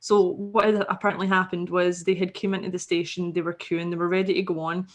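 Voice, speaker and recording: A woman's voice: fairly low pitch, flat delivery, quick pace. A Scottish woman, a podcast guest, telling a story casually and animatedly, swearing freely and acting out the people she quotes.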